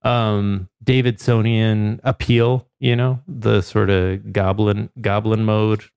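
A man's voice: on the low side, little pitch movement, takes it slowly, vocal fry, darkish tone, clean tone, no echo. A man hosting a podcast in casual comedic chat, rambling and joking with a co-host.

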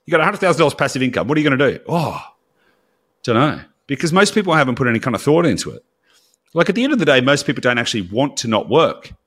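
A man's voice: mid-range voice, big pitch swings, rapid-fire, a bit bright. A man co-hosting a podcast in casual chat, candid and blunt, with casual swearing. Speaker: podcast co-host.

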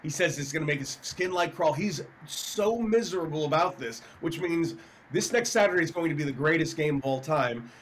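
A man co-hosts a casual sports talk show, his voice sitting a little high for a man. He tells stories with animated energy, teasing and mocking as he goes. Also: fairly quick, a little hiss or hum, low-quality recording. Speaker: co-host.

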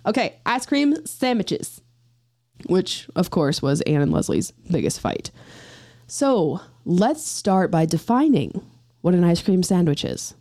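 A woman's voice: lowish voice, very animated, slow, warm tone, no echo, studio quality. A woman co-hosting a casual podcast, reading out facts with playful, jokey asides. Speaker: podcast co-host.

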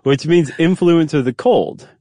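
A man's voice: on the high side, measured pace, warm tone, no echo. A man co-hosting a podcast, explaining things in a curious, casual way with many fillers. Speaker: podcast co-host. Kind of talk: casual conversational chat.

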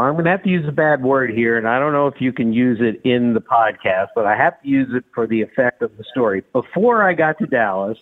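An excited man in his sixties tells stories as a guest, his pitch leaping up and down. His voice sits somewhat high. He comes through a narrow, phone-like line. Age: 60s. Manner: excited, with wide pitch swings. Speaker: guest, baseball reporter. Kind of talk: animated storytelling.

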